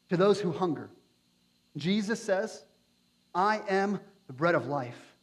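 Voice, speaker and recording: A male pastor preaching a sermon with passion, building to near-shouts at his high points. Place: church sanctuary. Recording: long hall reverb.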